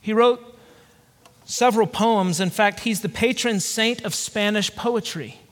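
A high-voiced man delivers an earnest, reflective sermon in a slow cadence with pauses. The sound rings with a long hall reverb. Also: fairly bright tone. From Georgia, USA. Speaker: pastor.

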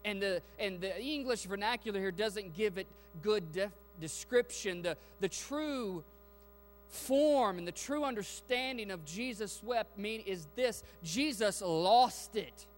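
In a church sanctuary, a male preacher with a voice a little high for a man delivers a sermon at an unhurried, deliberate rhythm. He swings from near whispers to loud, fervent peaks, addressing the congregation directly and asking them questions, while soft instrumental music plays faintly beneath.

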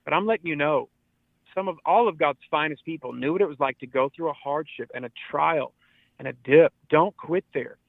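A pastor in his forties, speaking on a radio interview through a tinny, dry phone line, preaches earnestly and repeats words as he drives home his points. His voice is a little high and brisk, with vocal fry.

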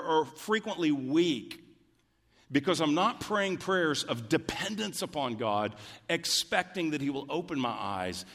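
A man preaching a sermon as a pastor, earnest and emphatic, rising in pitch when he pleads in prayer. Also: fairly bright tone. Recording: long reverb of a large hall.

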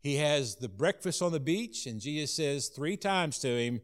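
A man preaching a sermon in an earnest way, rising to loud emphasis and dropping to soft, hushed lines. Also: on the high side, normal speed. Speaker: pastor.

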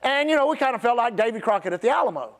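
A middle-aged pastor preaches a sermon in an extremely high, expressive voice. He draws out key words for emphasis and has the congregation repeat after him, call-and-response style.

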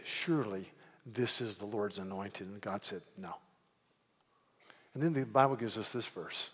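A man delivers a sermon in a large hall whose long reverb trails his words. He tells a story and slips into the voices of its characters as he goes. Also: medium pitch. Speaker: pastor.

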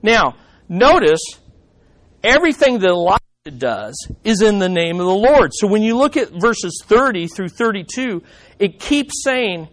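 A man's voice: high-pitched, sing-song, a little slow, a bit bright, rough recording. A man preaching a sermon, teaching through a Bible passage in an emphatic, conversational way.

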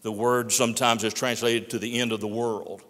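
A man's voice: mid-range voice, level tone, normal speed, a bit bright. A man preaching a sermon, emphatic and repeating phrases for stress. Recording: long hall reverb.

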